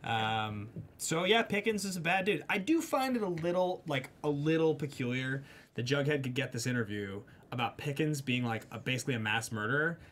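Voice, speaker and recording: A man's voice: mid-range voice, a little fast, slight background noise. Rambling man recapping a TV episode. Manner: rambling, many "like" fillers, animated retelling. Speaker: show host. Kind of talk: casual TV recap chat. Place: studio.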